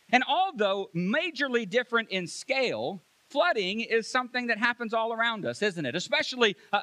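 A man's voice: high-pitched, sharp tone. A man preaching a sermon from the pulpit to his congregation in a friendly, conversational way. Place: church sanctuary.

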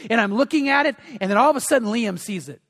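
A man's voice: extremely high pitch, animated, fast talker, fairly bright tone, long reverb tail. An older man, a grandfather, preaching a sermon as pastor, earnest and repeating phrases for emphasis. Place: church.

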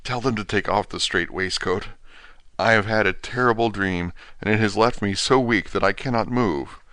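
A man's voice: on the low side, moderate pace, a bit bright, no room sound, close to an everyday voice. A man voicing a weak, dying asylum patient. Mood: dazed.

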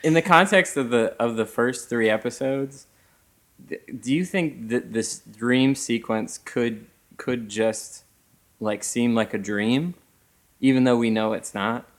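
Dude hosting a podcast, mid-pitched, playful and teasing. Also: male voice, unhurried. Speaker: podcast host. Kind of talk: casual chat.

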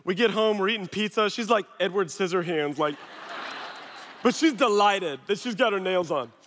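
Guy pastor preaching, tells a lively story, highish voice, big hall echo. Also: slight background noise. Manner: animated storyteller, quick asides. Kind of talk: sermon with personal story. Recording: long hall reverb.

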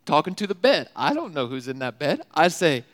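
A young man giving a sermon as a youth speaker, telling funny stories in an animated, laughing way with casual slang. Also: a little high, a little fast. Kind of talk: storytelling sermon. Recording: long hall reverb.

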